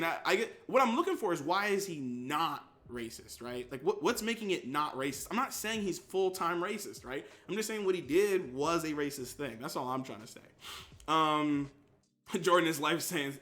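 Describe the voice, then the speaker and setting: Animated young man streamer, bright voice. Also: on the high side. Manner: animated, reads chat aloud. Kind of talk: casual live-stream commentary.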